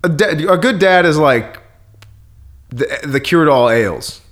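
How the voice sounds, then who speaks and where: A young man chatting loosely on a podcast, his voice a touch higher than most men's and swinging widely in pitch. He rambles and swears freely, and he breaks into laughter often. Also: expressive, unhurried, fairly bright tone. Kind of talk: casual chat.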